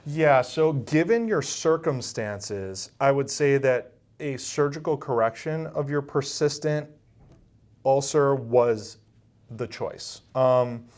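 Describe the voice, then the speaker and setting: A middle-aged male surgeon giving calm, patient medical explanations in an interview. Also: medium pitch, takes it slowly. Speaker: bariatric surgeon.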